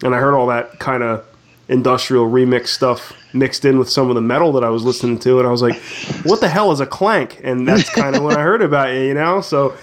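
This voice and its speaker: A man's voice: mid-range voice, quick pace. A man in his forties hosting a podcast, talking in an easygoing, chummy casual way. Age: 40s. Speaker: podcast host. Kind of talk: casual chat.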